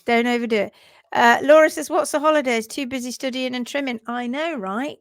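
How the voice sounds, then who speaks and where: A woman's voice: high voice, fairly quick, no room sound. A woman hosting a casual livestream, upbeat and chatty, reading out viewer comments and teaching about hoof care.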